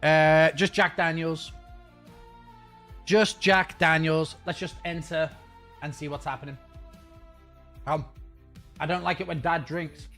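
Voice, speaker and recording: A man's voice: a little high, fairly even intonation, slow pace, pauses often, fairly bright tone, faint music behind. A man streaming a game and chatting casually with his viewers in a rambling, self-mocking way.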